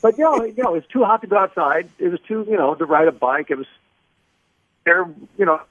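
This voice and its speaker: A man's voice: sits high, lively intonation, brisk, a bit bright, dry recording. Middle-aged man from Kansas City, rambling anecdote, many restarts, tinny phone audio, dry. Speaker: voice actor guest. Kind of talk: casual storytelling on a phone call.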